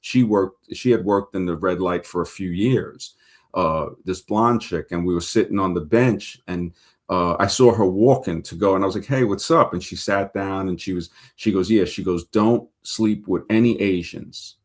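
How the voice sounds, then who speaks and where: A man's voice: low voice, normal speed. A man from New York with a New York accent, hosting a casual livestream, reading viewer comments and telling rambling anecdotes full of fillers. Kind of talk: casual livestream chat and storytelling.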